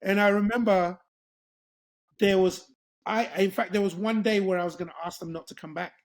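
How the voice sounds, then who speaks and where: A middle-aged English man, high-pitched and moderately paced, guests on a casual interview. His storytelling is animated, punctuated by laughter and acted-out voices of the people in the tale.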